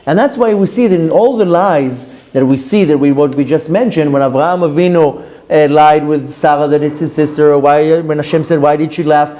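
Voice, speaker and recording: A man, a rabbi giving a Torah class and telling stories with lively, acted-out quotes. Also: fairly quick. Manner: lively storytelling, voices quoted speakers with big pitch jumps.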